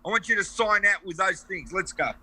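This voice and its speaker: A chatty Australian man from Melbourne with a high, very bright and sharp voice. He rambles and gives orders in a casual interview, jumping from one point to the next. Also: animated, brisk, slight background noise, rough recording. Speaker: interview guest. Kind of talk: casual chat.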